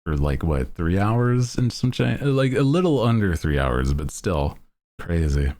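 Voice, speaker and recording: Deep-voiced man in rambling stream chat. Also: big pitch swings, a little slow, darkish tone. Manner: rambling, laughs often. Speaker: VTuber streamer.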